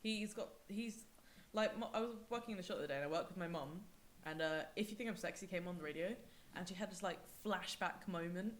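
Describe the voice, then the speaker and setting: A young woman from England co-hosting a podcast, telling stories in a casual, animated way. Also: fast, slight background noise. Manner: animated storytelling, acts out quoted people with big pitch jumps. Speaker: podcast co-host. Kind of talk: casual chat.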